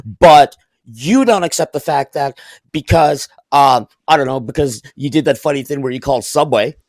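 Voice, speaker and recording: A man's voice: medium pitch, moderate pace, a little mellow, no room sound. A man on a live stream video call, rambling and heated, with many stammered restarts. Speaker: stream guest. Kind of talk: heated casual stream chat.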